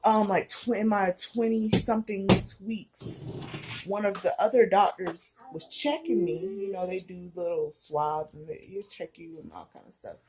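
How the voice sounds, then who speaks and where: A woman's voice: medium pitch, moderate pace, background noise. Breathless pregnant woman telling her story. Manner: chatty, candid, many fillers. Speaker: vlogger. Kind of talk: personal story vlog.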